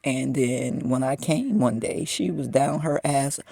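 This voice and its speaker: A man's voice: medium pitch, unhurried, gravelly, dark tone, no echo. A man in his fifties talking to the camera in a personal monologue, venting his frustration as he tells a story. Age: 50s.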